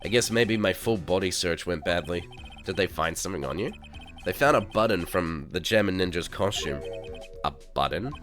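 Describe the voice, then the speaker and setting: A man's voice: sits low, lively intonation, moderate pace, over music. Man doing a lazy surfer-dude TV star. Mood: defensive. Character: laid-back vain male TV star, surfer dude.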